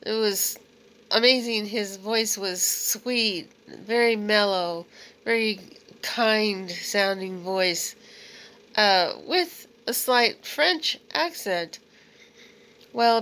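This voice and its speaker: A middle-aged woman tells a personal story straight to camera in an unhurried, drawn-out way. Her voice sits at an ordinary middle pitch. She rambles candidly, with fillers and small laughs. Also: fairly bright tone, low-quality recording. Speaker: vlogger telling her online dating story. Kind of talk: casual storytelling monologue.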